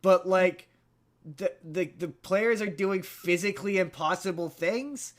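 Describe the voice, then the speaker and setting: A man on a podcast rambles through a movie recap in casual chat, stumbling over restarts and repeated words. His voice sits a little high for a man. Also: measured pace. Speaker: podcast host.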